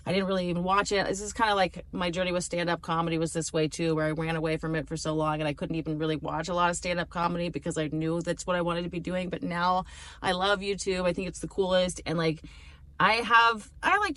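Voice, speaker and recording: A woman's voice: fairly low pitch, fairly even intonation, brisk, fairly bright tone. A woman comedian talking casually to camera in a rambling, chatty way, laughing and swearing freely. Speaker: stand-up comedian.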